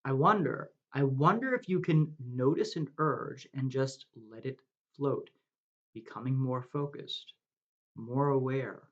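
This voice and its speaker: A man from New Jersey leading a guided meditation in a slow, gentle way with long pauses. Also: mid-range voice, highs cut off.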